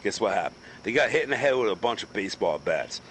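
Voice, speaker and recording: A heated, foul-mouthed man from the East Coast rants through a casual gaming chat. His pitch swings up and down, rising high when he gets worked up. Faint crickets and insects chirp in the background. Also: big pitch swings, fast talker, a bit bright, a little hiss or hum, rough recording. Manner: profane, ranting, heated.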